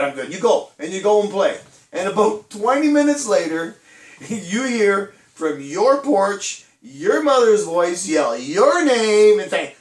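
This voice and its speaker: A middle-aged man with a high, lively voice tells a children's church story in a chatty way, popping into little character voices and laughing along. He sounds a bit far from the mic, in an echoey room. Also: moderate pace. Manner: chatty and animated, acts out voices, laughs often.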